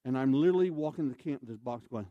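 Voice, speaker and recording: Animated storytelling preacher, man. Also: medium pitch, fast talker, no room sound, dull audio. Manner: animated, acts out scenes, questions the audience. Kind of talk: storytelling sermon.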